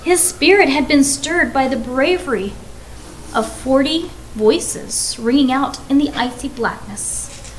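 A woman's voice: high-pitched, slow, slight background noise, rough recording. A woman reading a story aloud to children, with friendly conversational asides and questions to her listeners.

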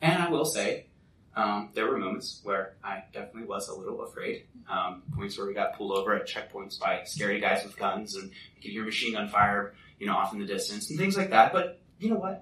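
A man giving a personal testimony at a church, telling a lively story and acting out what others said. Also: fairly low pitch, fairly quick. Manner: lively storyteller who acts out what people said. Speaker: guest speaker at a church. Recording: echoey hall, mic from a distance.

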